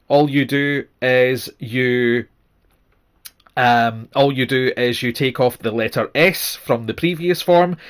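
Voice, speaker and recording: A man's voice: on the high side, a bit bright. A man teaching a Spanish grammar lesson, explaining patiently and checking in with "okay?" as he goes. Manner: patient, repeats "okay?" often. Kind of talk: language lesson.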